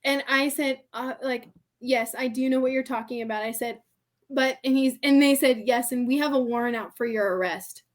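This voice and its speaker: A woman guest on a podcast telling a story in casual conversation. She is animated, laughs often, acts out the people in it and keeps saying "like". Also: high-pitched, normal speed. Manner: chatty, heavy use of "like" and "I'm like".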